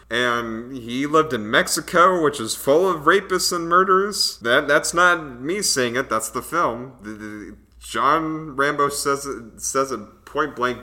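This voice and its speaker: A man's voice: medium pitch, a little slow, few pauses, pushed and bright. A man giving a casual, rambling movie review, restarting sentences and making wry asides.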